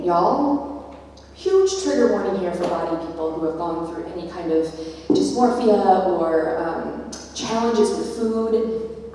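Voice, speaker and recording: Animated woman speaking in an echoey hall. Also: mid-range voice. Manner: animated, acts out quoted voices. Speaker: keynote speaker. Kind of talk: conference keynote talk. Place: large conference hall. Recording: echoey hall, far from mic.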